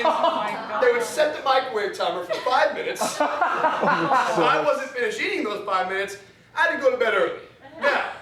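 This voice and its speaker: High-voiced, animated young comic. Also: male voice. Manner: animated storytelling, laughing through lines. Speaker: stand-up performer. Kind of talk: solo comedy show. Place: theater stage. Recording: roomy theater, distant mic, audience laughter.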